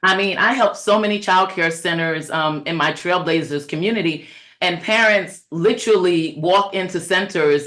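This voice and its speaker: A woman's voice: low voice, a bit bright. A middle-aged woman coaching childcare owners in a webinar talk, earnest and conversational with many fillers, and preacherly as she cites scripture.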